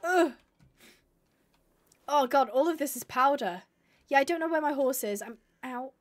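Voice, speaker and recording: A woman's voice: high-pitched, expressive, measured pace. A young woman streaming a game live, chatting to viewers and gushing and squealing over cute animals.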